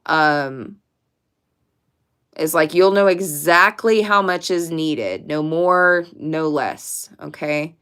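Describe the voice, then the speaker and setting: A woman reads tarot cards for her viewers in a casual, direct way, stressing her points and swearing freely. Her voice is lowish for a woman and smooth and clear. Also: takes it slowly, fairly bright tone. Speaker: tarot reader. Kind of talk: casual pick-a-card tarot reading to camera.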